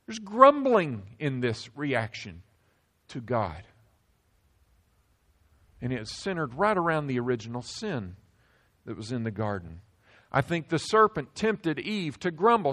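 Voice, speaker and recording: A man preaching a sermon as a pastor, emphatic, slowing down and dropping his voice low on key words. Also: very animated, a bit bright.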